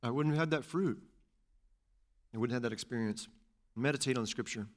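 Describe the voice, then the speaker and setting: A pastor delivering a sermon with animated, conversational delivery, repeating phrases for emphasis and dropping in casual asides. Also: male voice, mid-range voice, brisk.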